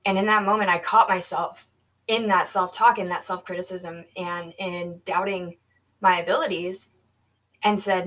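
A woman hosts her own podcast in a solo monologue, speaking earnestly and reflectively as she coaches herself. Her voice sits at a middle pitch. She sounds a little away from the microphone. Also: fairly even intonation, moderate pace, a bit bright, distant mic, poor audio. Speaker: podcast host.

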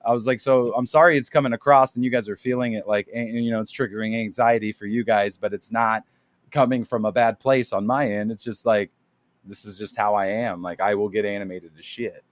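A man's voice: fairly low pitch, fairly even intonation, a little fast, no echo. A man talking animatedly as a podcast guest, rambling with lots of fillers and swearing. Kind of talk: casual podcast chat.

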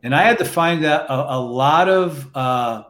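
A man telling a personal story in a slow, reflective, emotional way, with restarts, in casual conversation. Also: on the high side, a bit bright. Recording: roomy echo.

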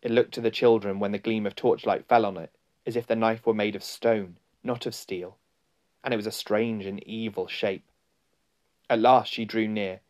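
Male storybook narrator, low voice, unhurried dramatic reading. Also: steady tone, darkish tone. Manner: slow, deliberate, dramatic. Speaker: audiobook narrator.

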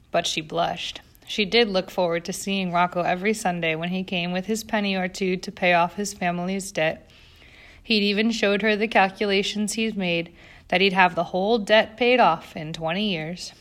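A woman reading a novel aloud as narrator, in a measured storytelling manner. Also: fairly low pitch, fairly even intonation. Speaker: audiobook narrator. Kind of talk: scripted narration.

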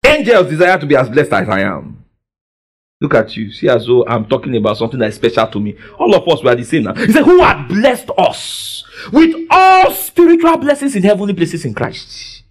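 A man preaching a sermon in a church service. He quizzes the congregation call-and-response style and often bursts into shouts. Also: mid-range voice, big pitch swings, brisk.

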